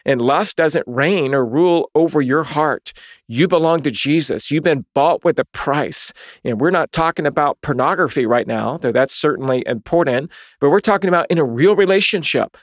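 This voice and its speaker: A man's voice: fairly high pitch, lively intonation, moderate pace, no echo, clean studio sound. A man in his thirties hosting a Christian podcast, teaching young listeners in an earnest, conversational preaching style, often asking "right?" and acting out quoted dialogue. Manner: acts out dialogue in short quoted voices. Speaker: podcast host.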